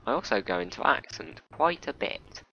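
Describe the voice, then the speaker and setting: A young man rambling to himself with dry, self-mocking humor while playing a bus-driving game, speaking through a headset mic in a monotone voice. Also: mid-range voice, normal speed, muffled recording, a little hiss or hum. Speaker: gamer commentating his play. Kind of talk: rambling solo gameplay commentary.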